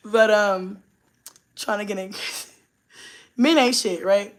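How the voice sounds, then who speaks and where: A woman's voice: mid-range voice, drawn-out words, long pauses. A young woman, chatting bluntly and profanely on a live stream and laughing often. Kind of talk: casual live-stream chat.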